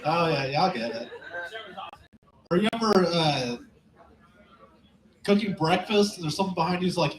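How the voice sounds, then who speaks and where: A man of twenty-eight doing a crude, deadpan stand-up set in a small club, asking the crowd questions. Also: on the high side, normal speed, pauses often. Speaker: stand-up comic. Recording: roomy club echo.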